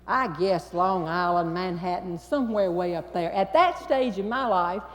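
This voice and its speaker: A woman with a Southern American accent, a humorist telling a story to a live audience, with a folksy, drawn-out delivery and deliberate pauses. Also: lowish voice, expressive. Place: large hall before a live audience. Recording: long reverb in a large hall.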